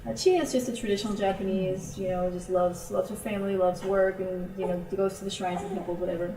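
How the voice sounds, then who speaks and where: A woman's voice: medium pitch, quick pace. A woman missionary speaker giving an informal talk to a church group, telling her stories and acting out the voices of her friends. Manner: storytelling, animated when quoting friends. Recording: roomy, from a distance.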